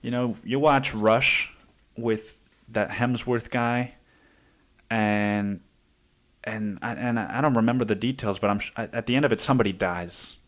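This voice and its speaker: A man's voice: lowish voice, a little slow, fairly bright tone. A man hosting a podcast in a casual, rambling monologue full of curses, fillers and restarts. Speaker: podcast host.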